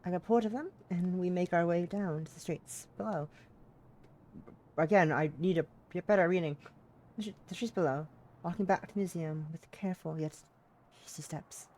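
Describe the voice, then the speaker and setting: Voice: medium pitch, moderate pace, a little mellow. Chatty streamer reading a visual novel aloud. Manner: chatty, self-mocking, laughs often; tries out character voices.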